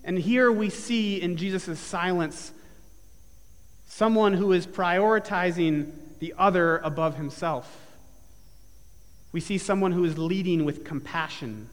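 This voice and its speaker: Casting: a male pastor with a high voice, earnest storyteller, mic'd in a church with long reverb. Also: a bit bright. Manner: earnest storytelling, building to emphatic repeated phrases. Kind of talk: sermon. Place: church sanctuary with live and online congregation.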